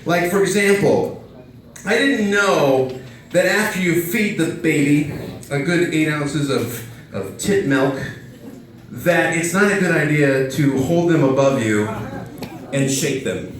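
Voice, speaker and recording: A man in his thirties rambles through a self-deprecating stand-up set, full of fillers and restarts. His voice sits a little high for a man. He sounds distant from the mic, with heavy echo from the room around him. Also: slow, slight background noise. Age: 30s. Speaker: stand-up comedian. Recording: very echoey room, mic far off.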